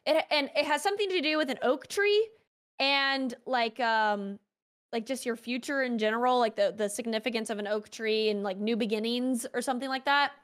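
A young woman with a high-pitched voice tells a story as a guest on an interview show. Her delivery is casual and animated, and she leans on "like" between phrases. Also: moderate pace. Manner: animated, heavy use of "like".

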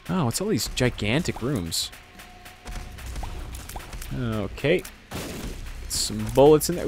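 A man's voice: mid-range voice, expressive, slow, gravelly, pauses often, darkish tone, faint music behind. A man giving casual, rambling gameplay commentary, joking at his own expense and making sound effects. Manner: rambling, self-mocking, sound effects and joke impressions. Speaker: let's play commentator.

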